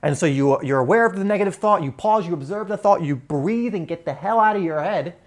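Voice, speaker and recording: A man's voice: high-pitched, animated, fairly quick. Man coaching positive thinking at a board. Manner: earnest, conversational, varied emphasis. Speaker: self-help coach. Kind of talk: teaching at a whiteboard.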